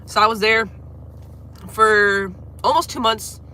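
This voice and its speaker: A woman's voice: mid-range voice, takes it slowly, sharp tone. A young woman livestreaming from home, chatting casually and apologizing as she coughs through a cold. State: has a cold, congested and coughing. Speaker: livestreamer and singer.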